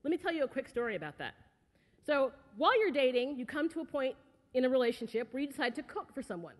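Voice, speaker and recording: High-voiced woman giving a motivational talk. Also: quick pace. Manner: lively, conversational, with asides to the audience. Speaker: speaker. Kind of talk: motivational talk to young people. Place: auditorium stage. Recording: echoey hall.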